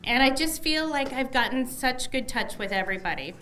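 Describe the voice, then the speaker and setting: A woman's voice: high-pitched, animated, fairly quick, pushed and bright, slight background noise. A middle-aged woman, a newly elected candidate, gives an emotional, effusive election night victory speech at a headquarters party, thanking many people.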